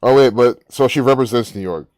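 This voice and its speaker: A man's voice: mid-range voice, brisk, darkish tone, dry recording, clean studio sound. A man hosting a casual commentary, rambling and musing aloud with frequent restarts. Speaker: gematria channel host.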